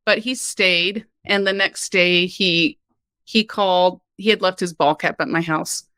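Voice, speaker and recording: A woman from Kansas, a podcast guest, telling her personal story in a lively, candid way with laughs and frequent "like". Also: on the low side, a little slow, no room sound. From Kansas, United States.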